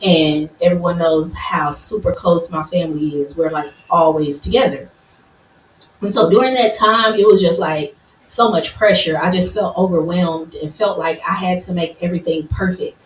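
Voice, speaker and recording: A woman co-hosting a podcast, talking in a casual, candid and playful way. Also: low-pitched. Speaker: podcast co-host. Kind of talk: casual chat. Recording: roomy, distant mic with faint noise.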